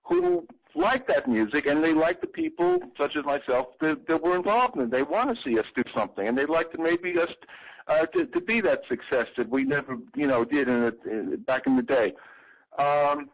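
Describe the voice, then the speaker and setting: A man being interviewed, an exhibit designer who tells lively anecdotes and acts out the people he quotes. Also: a little high, normal speed. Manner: animated storyteller, acts out quotes. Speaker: interview guest. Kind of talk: casual interview. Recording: dry, muffled audio.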